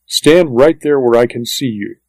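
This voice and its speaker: A man's voice: mid-range voice, animated, moderate pace, darkish tone, no echo, poor audio. A man voicing a menacing outlaw. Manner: blunt, menacing, commanding. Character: tough hard-bitten male outlaw on the run. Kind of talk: audiobook character reading.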